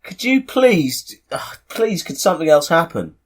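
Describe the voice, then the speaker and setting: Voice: medium pitch, big pitch swings, measured pace. Exasperated sweary podcast heckler. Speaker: podcast co-host.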